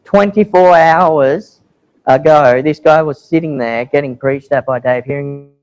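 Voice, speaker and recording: A man's voice: a little high, measured pace, a little mellow, faint music behind, low-quality recording. Casual man telling mission stories. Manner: casual storytelling with quoted voices. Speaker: missionary speaker. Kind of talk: church mission talk. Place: church hall.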